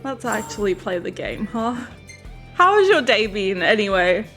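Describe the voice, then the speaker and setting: A woman's voice: mid-range voice, very animated, moderate pace, a bit bright, faint music behind. A woman streamer chatting live to viewers in a giggly, emotional way, often laughing through tears. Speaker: game streamer.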